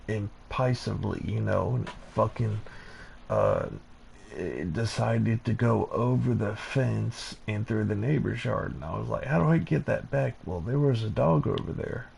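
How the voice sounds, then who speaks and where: Gravelly laid-back man, faint hiss. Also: medium pitch, darkish tone. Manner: laid-back, profane, laughs often. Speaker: live stream host. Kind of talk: casual chat.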